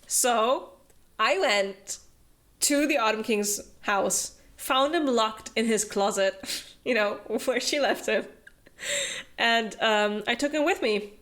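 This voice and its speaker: A woman's voice: fairly high pitch, takes it slowly, fairly bright tone. A young woman summarizing a book for her club in loose, casual chat. She fills the talk with fillers and breaks into little acted voices for each character, laughing along the way. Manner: chatty, filler-heavy, acts out character quotes with laughs.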